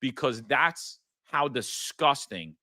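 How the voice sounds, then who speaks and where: A man's voice: medium pitch, animated, takes it slowly, bright, forceful tone, no room sound. A man, a former police sergeant co-hosting a podcast, telling blunt, profane stories in casual political talk. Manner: blunt, profane, emphatic storyteller. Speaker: podcast co-host.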